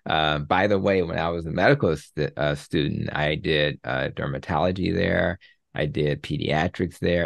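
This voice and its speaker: A man's voice: extremely low pitch, vocal fry, no echo, studio quality. A man hosting a podcast interview, talking in a rambling, friendly way with many fillers. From United States. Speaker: podcast host, physician. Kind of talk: casual interview chat.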